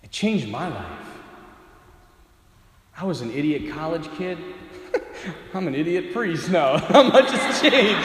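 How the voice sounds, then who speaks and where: 40s priest guy preaching, animated and joking about himself, lots of room echo. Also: fairly high pitch. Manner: animated, self-deprecating storyteller. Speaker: Catholic priest. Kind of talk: sermon storytelling. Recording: echoey hall reverb.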